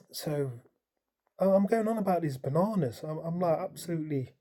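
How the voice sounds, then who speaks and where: A man tells his dream in a loose, rambling way, leaning on "like" and "um" as he goes. His voice is mellow and soft-edged, and he tells it in an easy, casual way. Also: a little high. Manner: rambling, animated retelling full of "like" and "um"; colloquial, storytelling present tense. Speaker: dream vlogger. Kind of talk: casual storytelling.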